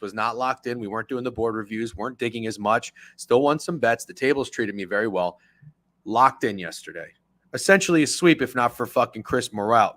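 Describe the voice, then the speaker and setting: A man's voice: mid-range voice, fairly bright tone. A man hosting a sports betting livestream, talking loosely and swearing as he reads chat. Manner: loose, profane, chatty, reads chat aloud. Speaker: sports betting show host. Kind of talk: casual livestream chat with viewers.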